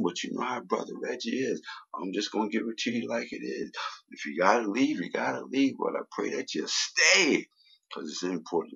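Gravelly deep-voiced preacher. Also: male voice, lo-fi sound. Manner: builds up loudly on key phrases, many fillers. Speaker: guest preacher. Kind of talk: sermon and prayer.

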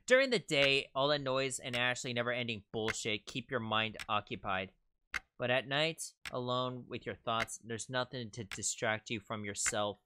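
A man's voice: medium pitch, normal speed, background noise. A man streaming a game, reading its text aloud and reacting with casual swearing. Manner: swears freely, excitable reactions. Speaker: VTuber streamer.

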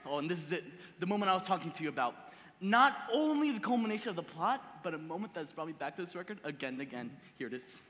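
A teenage actor on a school stage playing a wistful, rueful musical-theatre fan who confides in the audience. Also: male voice, on the high side, big pitch swings, fast talker, fairly bright tone. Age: teens. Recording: reverberant theatre hall.

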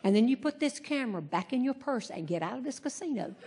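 A woman voicing a gruff, stern, burly male casino guard in a low commanding tone. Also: animated, fast, dark tone.

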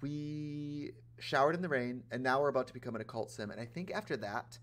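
A man hosting a casual gaming livestream, chatty and animated, talking straight to his chat in a campy, playful way. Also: mid-range voice, a little fast. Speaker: livestream host playing a life-sim game.

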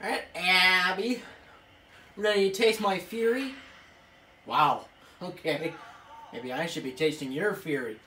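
A woman commentating her own video game play, excitable, swearing and yelling at the screen. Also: fairly low pitch, a little slow, long pauses. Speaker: gaming video creator. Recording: echoey room, off-mic, faint hiss.

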